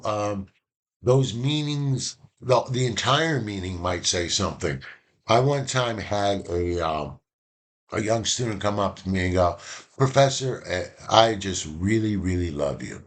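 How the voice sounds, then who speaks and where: Deep-voiced male professor lecturing. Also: slow. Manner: animated storytelling, acting out quoted voices; repeats key points, conversational. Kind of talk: classroom lecture.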